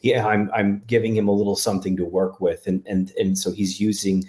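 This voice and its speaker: A man from Connecticut talking candidly as an interview guest, halting with many restarts. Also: fairly low pitch, flat delivery, darkish tone. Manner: halting, lots of restarts and fillers. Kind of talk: candid personal conversation.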